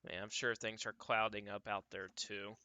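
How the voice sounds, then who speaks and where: Bright, clear-voiced man tracking storms live. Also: on the low side, level tone, no room sound. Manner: thinking aloud, casual and unhurried with restarts. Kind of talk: live weather commentary.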